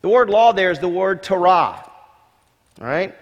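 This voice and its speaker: A man's voice: sits high, animated, a little slow, muffled recording. A male senior pastor preaching a sermon in a church, emphatic, repeating key words and asking rhetorical questions. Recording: long hall reverb.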